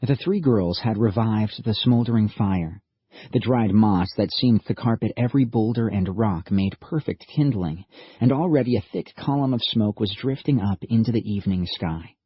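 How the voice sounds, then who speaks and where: A man narrating an audiobook in a steady, measured storytelling manner. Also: lowish voice, slightly rough, no room sound, muffled recording. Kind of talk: scripted narration.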